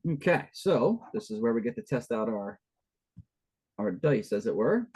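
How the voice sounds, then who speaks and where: A man's voice: mid-range voice, very animated, a little slow, darkish tone, husky, low-quality recording. Chatty man running a tabletop game. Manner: chatty, rambling asides with many fillers. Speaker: game master.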